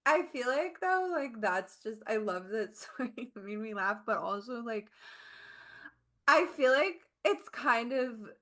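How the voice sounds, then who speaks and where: A young woman hosts a podcast with a bright, sharp, fairly high voice. She talks casually and fills her talk with "like" and quick asides. She keeps the chat loose and friendly with her guest. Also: animated. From Northern California. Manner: chatty, lots of "like" fillers, laughing asides. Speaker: podcast host.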